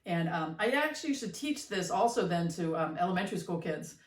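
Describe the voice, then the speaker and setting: A middle-aged woman with a somewhat low voice explains things in a reflective, conversational way. She sits a bit back from the microphone, and the room around her sounds roomy and echoey. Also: animated, a little fast. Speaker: podcast co-host, mother. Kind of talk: casual conversation. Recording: roomy, distant from the mic.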